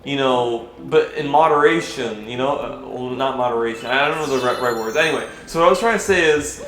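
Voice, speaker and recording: A young adult gaming vlogger talks briskly over his gameplay in a medium-pitched, fairly bright voice. His commentary rambles and hesitates with many restarts, he swears when irritated, and the recording has a roomy echo with faint game music.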